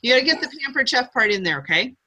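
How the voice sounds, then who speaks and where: A woman's voice: on the high side, sing-song, very fast, sharp tone, low-quality recording. A middle-aged woman leading a live sales training session, upbeat and coaching, drawing call-and-response from her group.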